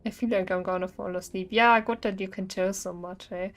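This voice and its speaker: A young woman streaming horror games, chatting nervously and singing to herself to stay calm. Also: medium pitch, normal speed. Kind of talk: live-stream gameplay commentary. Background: faint game music.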